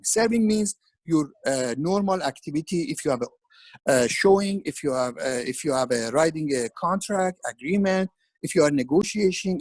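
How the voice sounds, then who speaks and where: A man's voice: sits high, darkish tone, low-quality recording. A man speaking as a webinar presenter over a video call, instructing in an earnest, repetitive way with frequent restarts.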